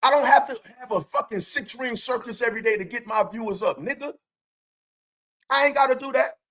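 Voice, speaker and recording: A man's voice: extremely high pitch, fairly quick, a bit bright. A man hosting his own stream, delivering a profane, confrontational rant full of taunting rhetorical questions. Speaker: streamer host.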